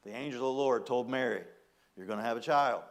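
A man's voice: mid-range voice, fast, gravelly. A man preaching an informal Bible study sermon, folksy and conversational, reading scripture aloud and adding chatty asides. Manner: folksy and conversational, with many asides, restarts and filler words.

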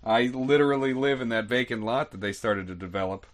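A man voicing a big, cheerful, goofy homeless werewolf in a tabletop game, joking in deadpan. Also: medium pitch, a little fast, a little hiss or hum, close to an everyday voice.

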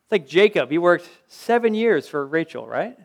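High-voiced man preaching conversationally. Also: sing-song, moderate pace, creaky. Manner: conversational preaching, anecdotes, rhetorical questions. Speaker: pastor. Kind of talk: sermon.

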